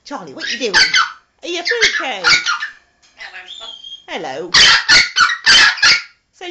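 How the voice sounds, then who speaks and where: Cooing woman, high and swooping. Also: wildly swooping pitch, slow pace, long pauses, pushed and bright. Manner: cooing baby talk, playful and teasing. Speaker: pet owner filming her parrots. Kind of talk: home video, chatting to pets. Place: at home indoors with pets. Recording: dull, slightly hissy home video.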